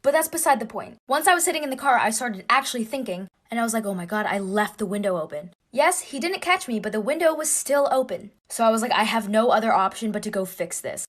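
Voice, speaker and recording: A woman's voice: on the high side, a bit bright. A young woman telling a personal story in a casual, breathless and dramatic way.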